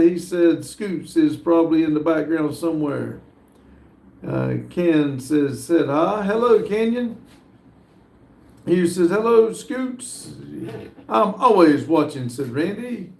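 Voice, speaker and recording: A man hosting a live stream, casually reading viewer comments aloud with frequent hesitant pauses. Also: on the high side, gravelly, darkish tone, echoey room. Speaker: livestream host reading viewer chat.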